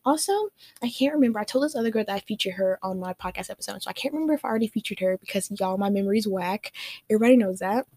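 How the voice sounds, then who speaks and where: A woman's voice: mid-range voice, very fast, warm tone. A young adult woman hosting a casual solo podcast, chatting in a bubbly, gushing way and filling her talk with "like.". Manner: bubbly, gushing, heavy use of "like". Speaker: podcast host.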